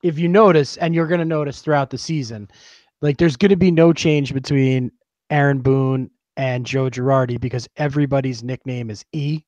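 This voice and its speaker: Co-host: male, even mid voice, laid-back storyteller with gentle gripes, dry close mic. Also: medium pitch, moderate pace, dry recording. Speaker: podcast co-host. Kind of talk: casual sports chat.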